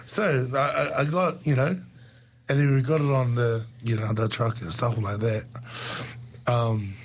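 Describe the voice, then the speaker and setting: A man, casually telling stories as a guest and laughing often. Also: measured pace. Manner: lively, laughs often, jumps into high voices for quoted lines. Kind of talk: casual storytelling chat.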